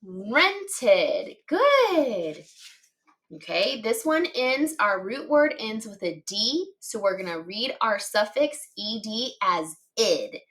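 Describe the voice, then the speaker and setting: A woman's voice: on the high side, sing-song, slow, a bit bright. A woman teaching a phonics lesson to young children, patiently sounding out letters and words one at a time and encouraging her listeners. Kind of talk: slow, clearly enunciated phonics lesson for children.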